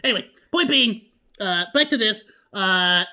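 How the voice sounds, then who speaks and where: A man hosting a casual reaction stream, loud and rambling with many restarts. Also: sits high, animated, measured pace. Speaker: vtuber host.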